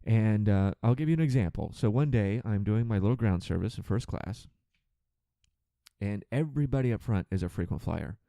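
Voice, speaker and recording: A man hosting a podcast, ranting sarcastically and with profanity about his passengers as a flight attendant, acting out their lines in quick put-on voices. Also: lowish voice, gravelly, dark tone, no echo, clean studio sound. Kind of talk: ranting monologue.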